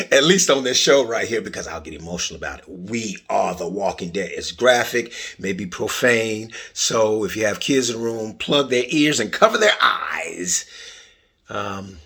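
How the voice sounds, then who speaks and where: Husky, low-voiced middle-aged man hosting. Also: expressive, moderate pace, bright, forceful tone. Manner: playful, chatty, jokey asides. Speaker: podcast host. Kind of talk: casual podcast monologue.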